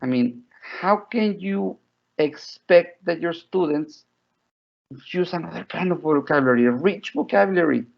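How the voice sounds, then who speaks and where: Gravelly man teaching teachers. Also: fairly high pitch, lively intonation, moderate pace. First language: Spanish. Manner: chatty, frequent "right?" and "like". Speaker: teacher trainer. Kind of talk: online teacher training webinar. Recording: dull lo-fi audio.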